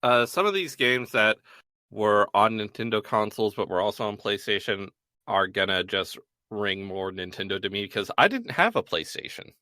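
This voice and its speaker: A man's voice: fairly low pitch, expressive, moderate pace, bright, forceful tone, dry recording. A man co-hosting a podcast, running through a list of video game characters with dry jokes and wry asides. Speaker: podcast co-host. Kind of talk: casual chat about video games.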